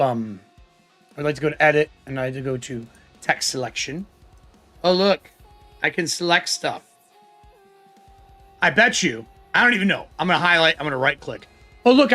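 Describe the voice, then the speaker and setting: Male streamer, high and lively voice, excitable off-the-cuff chat with a soft guitar track behind. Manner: excitable, thinking aloud, swears casually. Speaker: livestream host. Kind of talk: casual live-stream chat.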